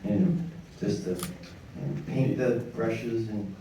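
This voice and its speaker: A man's voice: fairly low pitch, steady tone, slow, recorded from a distance, noisy background. Chuckling male storyteller in echoey hall. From New York. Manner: rambling, chuckling, self-deprecating. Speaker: actor on a fan convention panel. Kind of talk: anecdotal panel storytelling. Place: large convention panel hall.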